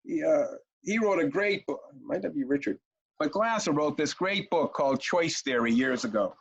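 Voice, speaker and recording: A man's voice: on the high side, animated, moderate pace, slightly rough, dull audio. A man presenting a parenting webinar, telling stories energetically with rhetorical questions and repeated words for emphasis. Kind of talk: energetic storytelling lecture.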